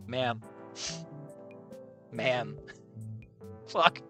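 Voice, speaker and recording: A man reads a story aloud and talks over it in a loose, rambling way, cursing freely. His voice sits a little high and swings up and down a lot. His tone is bright and forceful. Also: big pitch swings, normal speed, long pauses, faint music behind. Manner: swears freely, rambles, breaks off mid-thought. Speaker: fan fiction reader and commentator. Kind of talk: casual reading aloud with commentary.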